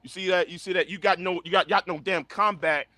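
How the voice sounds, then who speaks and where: A man's voice: high-pitched, steady tone, a little fast, background noise. A man on an online stream panel, arguing heatedly and stammering, often repeating words as he is pressed.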